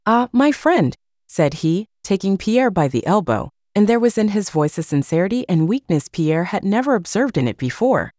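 A woman reading a classic novel aloud as an audiobook narrator, measured and expressive. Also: fairly low pitch, no room sound, studio quality.

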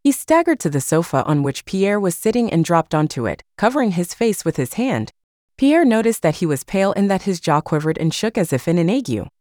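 Reading a classic novel aloud for an audiobook, this female narrator keeps a measured yet expressive delivery. She speaks on the low side, recorded in studio quality without echo.

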